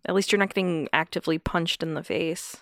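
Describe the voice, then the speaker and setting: A woman's voice: fairly low pitch, fairly even intonation, brisk, fairly bright tone, no room sound, clean studio sound. A woman co-hosting a podcast, reacting to a story in casual chat with wry, blunt comments. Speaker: podcast co-host.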